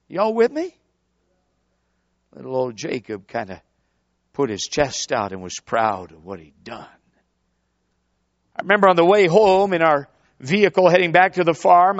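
A man with a rather high voice preaches a sermon to a church congregation, telling a story with animation and calling out to the crowd. The recording is dull and lo-fi, with no room sound.

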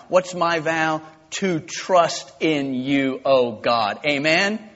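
A male pastor preaching a sermon, impassioned and swinging from quiet to loud. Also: fairly high pitch, extremely slow. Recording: dull lo-fi with long church reverb.

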